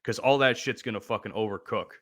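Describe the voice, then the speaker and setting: A man's voice: fairly low pitch, fast talker, fairly bright tone. A man co-hosting a podcast, talking casually and emphatically about a holiday meal, swearing freely. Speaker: podcast co-host. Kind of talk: casual chat.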